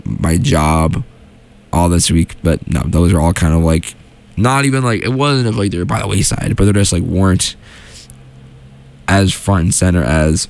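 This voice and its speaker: A man's voice: low voice, animated, normal speed, darkish tone. A young man hosting a solo show from a small studio, chatting casually and rambling with lots of fillers and restarts. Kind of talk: casual solo radio chat.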